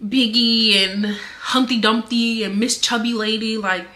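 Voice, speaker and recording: A young woman vlogger responds to rumors in a casual personal statement to camera, earnest and defensive and full of fillers. Her voice is a little high and sharp, with a steady tone and a measured pace.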